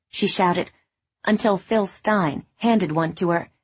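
A woman narrating a novel in a measured, even storytelling voice. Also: lowish voice, husky, no room sound. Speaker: audiobook narrator. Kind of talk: scripted narration. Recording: dull, dry studio sound.

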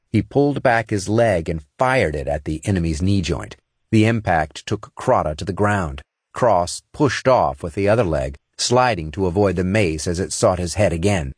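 Male audiobook narrator, very low voice, dry booth sound, steady dramatic read. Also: no room sound. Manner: steady, dramatic action reading.

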